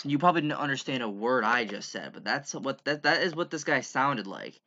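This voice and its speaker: A man's voice: mid-range voice, lively intonation, fairly quick, few pauses, sharp tone, dull audio. A young man giving a rambling, profane, exasperated casual rant over gameplay as a gaming YouTuber.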